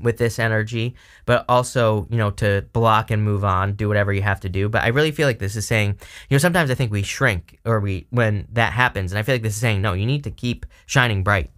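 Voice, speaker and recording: A man's voice: lowish voice, a little fast, fairly bright tone. A man hosting his own channel, giving a casual tarot reading in a meandering, conversational way with asides to his viewers. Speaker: tarot reader, channel host.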